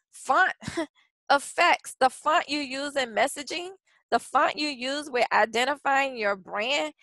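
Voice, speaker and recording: A woman's voice: on the high side, a bit bright, no room sound, low-quality recording. A woman presenting a branding workshop in a chatty, casual way, with frequent restarts and fillers. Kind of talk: casual webinar teaching.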